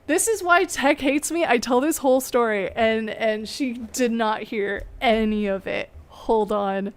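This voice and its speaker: A young woman on a video call telling a story casually, chatty and laughing often, with dark humor. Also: a little high, unhurried, hardly any pauses.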